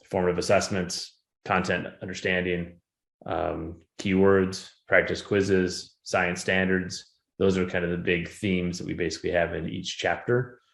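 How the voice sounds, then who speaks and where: Man, low voice, gravelly, chatty educator talk, echoey room. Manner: conversational, animated when retelling anecdotes. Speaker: educator presenting at a conference. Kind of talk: conference presentation. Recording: roomy echo.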